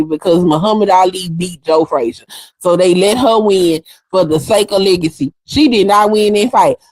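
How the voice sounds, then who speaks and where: A woman's voice: medium pitch, dry recording, poor audio. Fiery, sassy woman ranting on a livestream. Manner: fiery, sassy and emphatic, repeats phrases. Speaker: livestream host. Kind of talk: heated livestream commentary.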